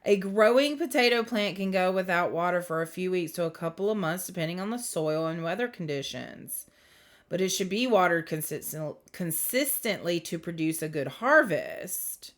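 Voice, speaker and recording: A fairly low, animated female voice moving at a moderate pace belongs to a spiritual reader. Indoors under bright lights, with the camera near her face, she rambles through a casual reading, full of giggles and self-interruptions.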